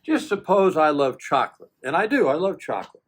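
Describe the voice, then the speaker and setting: A man's voice: fairly high pitch, a little fast, husky. A man in his seventies, a veteran guest, telling a long personal story in a casual interview and acting out both sides of the conversation with self-deprecating humor. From United States. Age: 70s. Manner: animated, folksy, acts out both sides of conversations.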